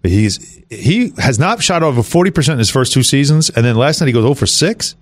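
A man hosting sports radio, talking through a game with animated emphasis. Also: medium pitch, a little fast. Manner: animated, lots of fillers and restarts. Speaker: radio host.

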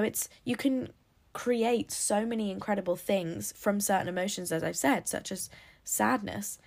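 A woman's voice: mid-range voice, gravelly, darkish tone. A woman hosting a casual solo podcast, chatty and rambling, laughing at her own slips. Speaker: podcast host.

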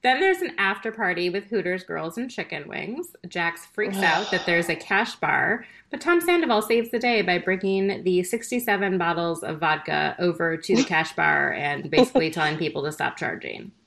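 A woman's voice: lowish voice, expressive, normal speed, gravelly, few pauses, a bit bright. A woman co-hosting a casual chat, talking in a chatty, exasperated way as she recaps events. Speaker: podcast co-host.

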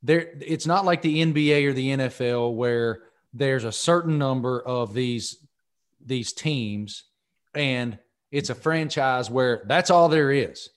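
A man's voice: mid-range voice, measured pace, smooth. A man hosting a podcast, explaining things to listeners in a folksy, casual way. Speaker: podcast host. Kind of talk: casual interview talk.

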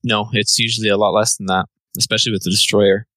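A man's voice: lowish voice, flat delivery, fast, sharp tone, no echo. A man co-hosting a casual podcast, with wry, teasing asides. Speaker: podcast co-host.

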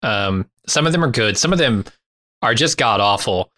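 Bright-toned man giving film opinions. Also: medium pitch, expressive, moderate pace. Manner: opinionated, laughs easily. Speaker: podcast co-host. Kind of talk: casual film discussion.

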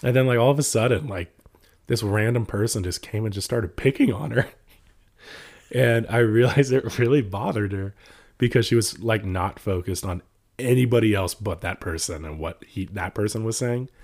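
Young man, low-ish voice, lively storyteller, casual podcast chat. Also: normal speed. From California. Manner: animated storytelling, laughs often, voices others.

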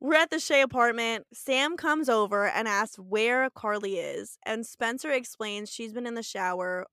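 A woman co-hosts a casual rewatch podcast, recapping plots and laughing easily. Her voice sits fairly high. The sound is dry and close. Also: normal speed, bright, forceful tone, clear, resonant tone, dry recording. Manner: giggly, recaps the plot. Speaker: podcast co-host.

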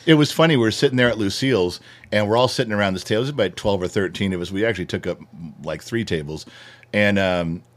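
A middle-aged man co-hosting a casual talk show, telling stories in an animated way and swearing freely. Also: on the low side, quick pace. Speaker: podcast co-host. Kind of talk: casual chat.

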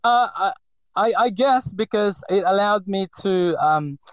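A man's voice: high-pitched, measured pace, no echo, poor audio. A man in his forties from the Philippines with a slight Filipino accent, telling his story in a hesitant interview full of fillers and restarts. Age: 40s. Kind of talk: reflective personal interview.

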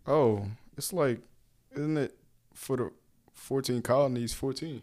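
A man's voice: medium pitch, measured pace, a little mellow. A man playing along in a casual quiz with friends, swearing and complaining playfully. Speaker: quiz contestant. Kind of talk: casual banter.

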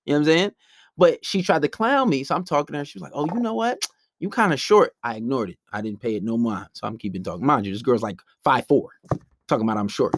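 A man's voice: mid-range voice, expressive, quick pace, slight background noise. A young man talking bluntly and brashly in a casual monologue, acting out quotes as he tells stories.

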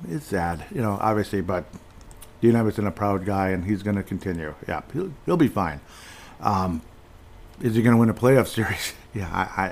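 Rambling low-voiced man hosting a podcast. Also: a little mellow. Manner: rambling, loose, lots of fillers and asides; enthusiastic fan talk. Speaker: podcast host. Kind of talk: casual solo hockey podcast chat.

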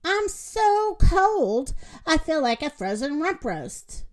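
A woman's voice: high-pitched, very animated, unhurried. A woman voicing a grumpy, self-centered male rooster in a read-aloud storybook, with a whiny, complaining manner. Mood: grumbling.

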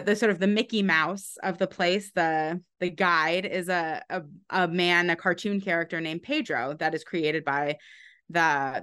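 Soft-voiced woman author explaining her research. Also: on the low side. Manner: thoughtful, many "um"s and restarts, light laughs. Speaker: author guest.

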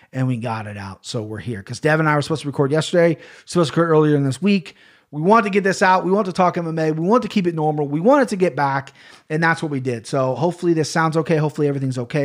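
A man talking loosely into his podcast mic, rambling and cursing freely as he tells a story. His pitch sits a little high for a man. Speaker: podcast host. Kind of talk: casual chat.

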